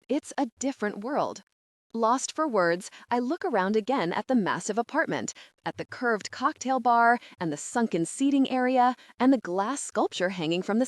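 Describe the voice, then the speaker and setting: A woman narrating a first-person audiobook in a wide-eyed, expressive way. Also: mid-range voice, dry recording, studio quality.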